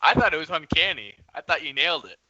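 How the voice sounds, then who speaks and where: Male co-host, bright forceful voice, quick teasing quips, dull dry recording. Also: a little high, sing-song, husky, no room sound. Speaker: podcast co-host. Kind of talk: casual sports chat.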